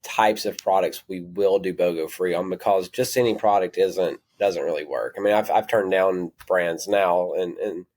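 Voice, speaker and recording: A man's voice: deep voice, moderate pace, few pauses, a little mellow. A man with a Southern accent, a natural products retailer talking casually in an interview, rambling and correcting himself as he goes. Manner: rambling, self-correcting, apologetic asides. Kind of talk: conversational podcast interview.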